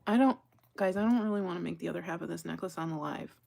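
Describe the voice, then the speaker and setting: Speaking fast in a fairly low, gravelly, slightly mellow voice, a woman chats casually during her jewelry-making livestream. She laughs a lot, reads out comments from viewers, and lowers to a whisper as she crafts.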